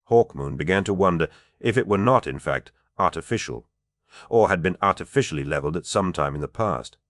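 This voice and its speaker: A man with a low, deep voice narrates a fantasy audiobook at a measured, even pace. He reads steadily, with a close, dry sound and no room echo. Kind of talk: scripted narration.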